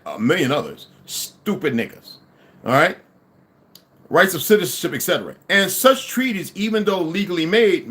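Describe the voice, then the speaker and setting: A man's voice: a little high, a bit bright. A middle-aged man delivering an angry, profane ranting monologue to his audience, swearing and insulting as he goes. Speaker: livestream host.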